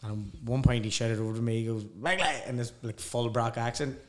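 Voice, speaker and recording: A man's voice: mid-range voice, quick pace. Sweary man telling stories. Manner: sweary, animated storyteller who laughs through his own tales. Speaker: podcast guest. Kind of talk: casual storytelling chat.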